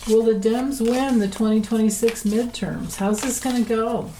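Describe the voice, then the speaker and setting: Chatty mellow-voiced woman tarot reader. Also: fairly high pitch, normal speed, a little hiss or hum, poor audio. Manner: chatty and rambling, laughs often. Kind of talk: casual political tarot reading.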